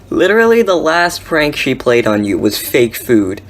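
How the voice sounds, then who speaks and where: Young woman reaction commentator, sarcastic and disbelieving, lively swooping pitch. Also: unhurried. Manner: sarcastic, incredulous, laughing often. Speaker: commentary YouTuber.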